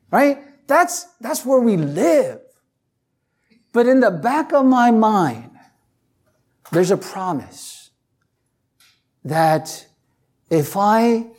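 A pastor giving a casual, story-driven sermon, leaning on "you know" and swinging from loud to hushed. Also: medium pitch. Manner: chatty, anecdotal, heavy on "you know". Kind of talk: conversational sermon.

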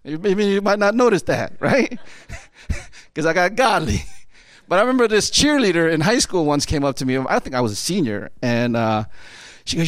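A middle-aged man delivers a sermon in an animated, conversational style, tossing in "right?" over and over. His voice sits high and swings widely in pitch. The recording is dry and close, with no room sound. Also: normal speed, no room sound. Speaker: pastor.

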